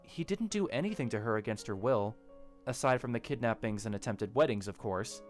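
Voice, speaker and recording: A man narrating a story in a steady, even storytelling manner. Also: medium pitch, fairly quick, soft background music. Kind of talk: audiobook narration of a fan story.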